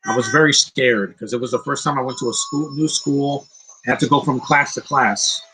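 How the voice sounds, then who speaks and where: A man's voice: mid-range voice, fairly even intonation, normal speed, bright, forceful tone, soft background music, rough recording. A man in his thirties giving casual live-stream movie commentary, rambling and blunt, swearing freely and often restarting sentences. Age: 30s.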